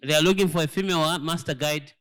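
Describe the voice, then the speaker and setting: A man's voice: on the high side, steady tone, fast, a bit bright, clear, resonant tone. A man, a church elder giving a sermon-style lesson, emphatic and full of rhetorical questions, often repeating words as he searches for them. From Zambia.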